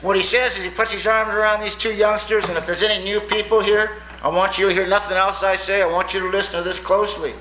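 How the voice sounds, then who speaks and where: A plainspoken older man tells his story to a crowd with folksy, wry humor. His voice is bright and forceful, and it rings out through an echoey hall over a faint background hiss. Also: high voice, flat delivery, quick pace, few pauses. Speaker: recovery speaker sharing his story. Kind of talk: storytelling talk to an audience. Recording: echoey room with faint noise.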